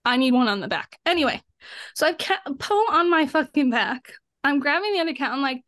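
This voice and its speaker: A young adult woman with a high voice tells a story on a podcast, in lively casual chat. She swears freely and plays out both sides of the exchange herself. Her voice is recorded dry and close on the mic. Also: brisk, dry recording. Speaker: podcast co-host.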